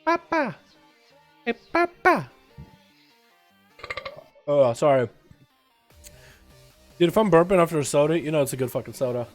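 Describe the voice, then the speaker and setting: A man's voice: on the high side, fairly quick, long pauses, a little mellow, faint music behind. A man livestreaming a game, chatting loosely with viewers, swearing now and then and hyping up the crowd. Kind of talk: casual gaming livestream chat.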